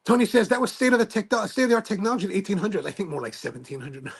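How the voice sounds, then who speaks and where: Male livestream host, gravelly and husky tone, loose rambling self-deprecating delivery while reading viewer comments. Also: sits high, big pitch swings, rapid-fire. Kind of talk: casual chat, reading viewer comments aloud.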